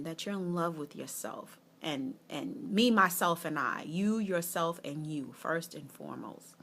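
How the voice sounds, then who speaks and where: Chatty woman coach talking to camera. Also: fairly low pitch. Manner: warm, chatty and encouraging, addressing viewers directly. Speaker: life coach. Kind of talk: casual motivational vlog.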